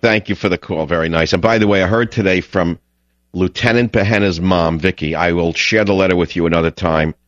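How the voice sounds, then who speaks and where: A man's voice: low-pitched, fairly even intonation, brisk, fairly bright tone, no room sound, dull audio. A middle-aged man with a New York accent hosting a call-in radio show, talking in a direct, opinionated way and restarting his words. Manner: direct, opinionated, repeats words when starting. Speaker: radio talk show host.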